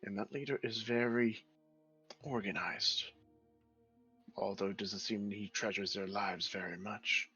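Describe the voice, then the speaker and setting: A man voicing a calm, wise female dryad who speaks in a measured, solemn way. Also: lowish voice, slightly rough, dull audio, soft background music, exaggerated voice. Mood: grave.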